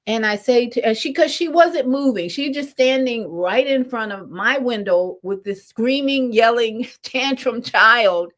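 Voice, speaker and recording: An older woman, a spiritual teacher, telling a story in an animated, lively way, her voice swinging between rises and soft drops. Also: on the high side, unhurried, hardly any pauses. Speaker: spiritual teacher leading meditation. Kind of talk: storytelling talk.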